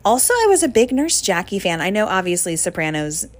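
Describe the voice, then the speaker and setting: A woman's voice: medium pitch, big pitch swings, brisk. A young woman hosting a casual solo podcast, chatty and gushing with lots of fillers. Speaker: podcast host.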